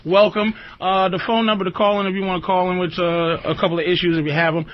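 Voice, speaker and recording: A man hosting a call-in radio show, ranting comically and profanely, jumping into high squeaky outbursts and laughing often. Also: little pitch movement, fast, a little hiss or hum. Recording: dull lo-fi radio broadcast.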